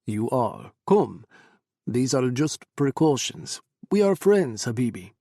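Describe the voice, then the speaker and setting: A man's voice: mid-range voice, sing-song, slow, warm tone, no echo, studio quality, exaggerated voice. A male audiobook narrator voicing a male go-between who coaxes and reassures. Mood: coaxing. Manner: coaxing. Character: soothing male go-between, turns frantic. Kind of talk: audiobook character voice.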